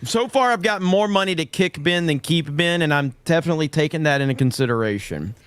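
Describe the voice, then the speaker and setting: A fairly high male voice with a very lively swing in pitch, recorded close and dry. He reacts to his co-hosts with animated, laughing banter on a casual stream. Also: fairly quick, smooth, no echo. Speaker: co-host. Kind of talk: casual livestream chat.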